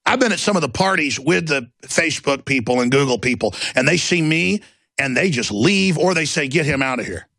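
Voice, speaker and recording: Gravelly ranting male talk host. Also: a little high, expressive, fairly quick, fairly bright tone, no room sound. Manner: impassioned, rambling, theatrical. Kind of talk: ranting monologue.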